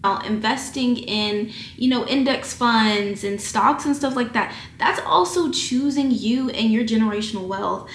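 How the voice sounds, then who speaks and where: A woman in her twenties, with a fairly high voice, talks straight to camera at home like a big sister giving a pep talk. She is candid and emotional and swears casually. The sound is echoey, with a faint hiss behind her. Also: unhurried. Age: 20s. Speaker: vlogger. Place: at home, indoors.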